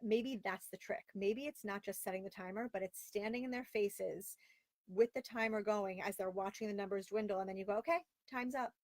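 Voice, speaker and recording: A woman's voice: medium pitch, fairly even intonation, a little fast, darkish tone, dry recording. A woman in her thirties hosting a casual live stream from home, talking candidly and with exasperation and reading out viewer comments. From Florida, via Long Island. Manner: candid, exasperated and chatty, with lots of "like". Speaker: host of a live video show. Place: home closet.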